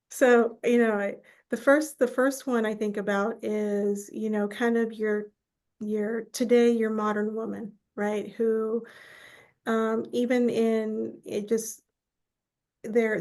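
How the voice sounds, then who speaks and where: A woman guest on a podcast talks through family stories with a slightly high, bright voice. She slips into quoted voices of relatives as she tells them, keeping a warm conversational flow. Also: vocal fry. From United States. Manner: animated storyteller who acts out quoted relatives. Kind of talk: conversational interview storytelling.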